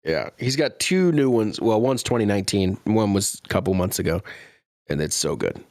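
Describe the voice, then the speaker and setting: A laid-back man co-hosts a podcast in easy, casual chat and laughs often. His voice sits fairly low. It sounds dry and close. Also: very animated, normal speed, darkish tone, no echo. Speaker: podcast co-host.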